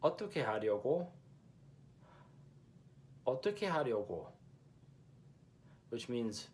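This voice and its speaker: A man's voice: mid-range voice, normal speed, pauses often, a little hiss or hum. A man teaching a language lesson who explains patiently and repeats each example phrase twice.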